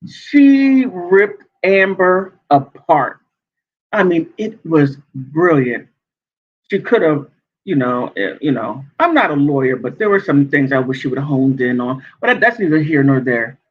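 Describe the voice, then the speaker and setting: A man giving sassy, animated gossip commentary as a vlogger, laughing often. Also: medium pitch, normal speed, husky. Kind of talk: casual commentary. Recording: dull lo-fi sound.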